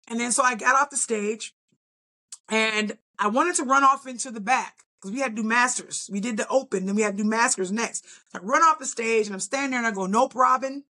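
A middle-aged woman, a bodybuilder guest on a podcast, telling her story in a casual, animated way and acting out her own reactions. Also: fairly high pitch, brisk.

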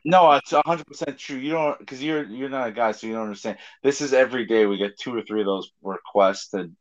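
A man's voice: mid-range voice, fairly quick. A man co-hosting a podcast in casual chat, rambling and laughing often. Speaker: podcast co-host. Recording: dull lo-fi sound.

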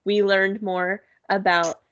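A woman's voice: medium pitch, little pitch movement, slow, fairly bright tone, highs cut off. A woman in casual conversation, chatty and upbeat, filling her talk with "like" and "you know". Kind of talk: casual chat.

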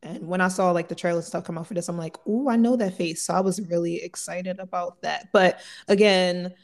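A woman's voice: lowish voice, level tone, brisk. Hesitant woman podcast co-host. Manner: hesitant, trailing off with "I don't know". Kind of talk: casual chat.

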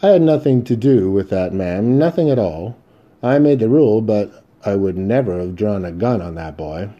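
Male reader doing a guarded Western marshal, earnest, low and dark-toned. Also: expressive, moderate pace, muffled recording. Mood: pleading. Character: town marshal, grown man, guarded and earnest.

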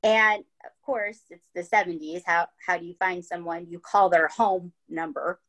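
A woman's voice: fairly low pitch, fairly even intonation, moderate pace, a bit bright, low-quality recording. A woman hosting a podcast, telling a true-crime story in a casual, chatty way, swearing freely and often checking in with "right?" and "okay?". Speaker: podcast host.

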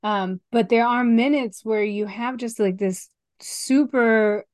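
A woman's voice: fairly high pitch, slow pace, darkish tone, no echo, studio quality. A middle-aged woman co-hosting a podcast, chatting animatedly about a film and often trailing off and restarting. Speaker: podcast co-host. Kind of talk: casual chat reviewing a film.

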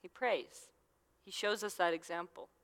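Speaking unhurriedly, a young woman youth minister gives a chatty, informal sermon full of fillers. Her voice is on the lower side yet fairly bright, and the room adds a long hall echo.

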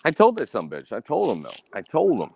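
A man's voice: huge pitch swings, fast talker, creaky, darkish tone, slightly rough. A man hosting a solo podcast, ranting angrily and boastfully with constant cursing and repeating himself. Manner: mimics others in a high voice. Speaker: podcast host. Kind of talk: profane solo podcast rant.

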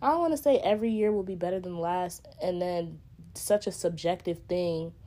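A woman's voice: lowish voice, a little fast, mellow. A woman hosting a casual solo podcast, speaking candidly and reflectively and cursing freely in a slang-heavy drawl. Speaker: podcast host.

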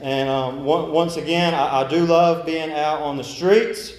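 A young man preaching in a church, his slightly high voice ringing around the room. He talks in a halting, searching way with frequent restarts, slows down to read scripture, and lifts his voice when he prays. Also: steady tone, echoey room, rough recording. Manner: halting, many restarts and fillers; slow measured scripture reading. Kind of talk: sermon. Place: church sanctuary.

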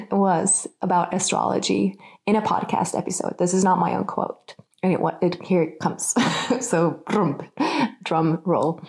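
A woman's voice: mid-range voice, a little mellow. A woman from Nordic Europe co-hosting a casual chat, rambling with many fillers and frequent laughter. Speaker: podcast co-host.

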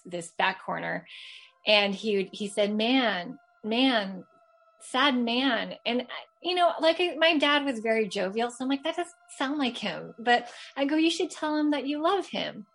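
A woman's voice: mid-range voice, a bit bright. A woman in her thirties from Los Angeles, telling a personal story in a chatty way, full of fillers and restarts. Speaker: caller telling a true ghost story. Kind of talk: casual storytelling.

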